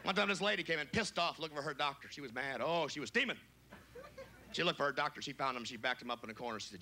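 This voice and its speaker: A man doing a brash, crude stand-up comedy routine on a club stage, shouting his punchlines in high, squeaky put-on voices. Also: animated, quick pace, a little hiss or hum. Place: club stage before a live audience.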